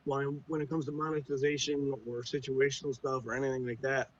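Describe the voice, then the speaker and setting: A man's voice: medium pitch, flat delivery, brisk, highs cut off. A man from the United States, a podcast guest, talking casually with a profane, teasing, joking manner. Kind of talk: casual chat.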